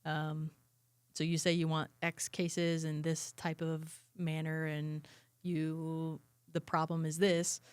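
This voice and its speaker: A woman talking as a podcast co-host in casual chat, measured and thoughtful, posing rhetorical questions. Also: low-pitched, completely flat delivery, clean tone, no room sound.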